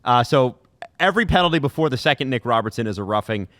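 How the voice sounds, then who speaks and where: A man's voice: mid-range voice, animated, fast, fairly bright tone, no echo. Man hosting, dry close mic. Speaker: podcast host. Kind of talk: casual chat with ad reads.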